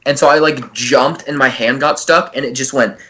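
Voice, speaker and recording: A man's voice: mid-range voice, fairly even intonation, normal speed, pushed and bright. A young man, a podcast co-host, telling stories in a loose, swearing chat between laughs. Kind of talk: casual chat.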